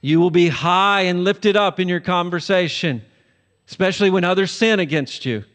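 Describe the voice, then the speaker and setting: A pastor preaching a sermon, his voice rising hard on warnings and dropping soft and low on grace. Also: moderate pace, in a large hall.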